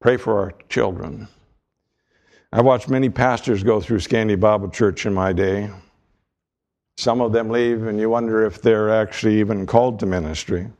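A male pastor preaching a sermon in a measured delivery, mixing scripture with folksy humor. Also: on the low side, fairly even intonation, darkish tone.

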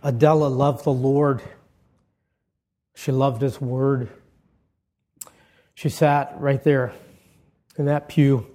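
A male pastor giving a funeral eulogy sermon in a church, telling stories in a conversational way with gentle humor and frequent restarts. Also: medium pitch, fairly even intonation, takes it slowly, long pauses. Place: church sanctuary.

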